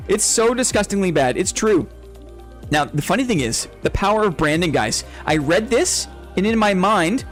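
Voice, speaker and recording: Male streamer, fairly high voice, rambling casual chat, laughs a lot, faint music underneath. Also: sing-song, normal speed. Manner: rambling, chatty, laughs often, keeps adding "right?". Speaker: game streamer. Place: home streaming setup.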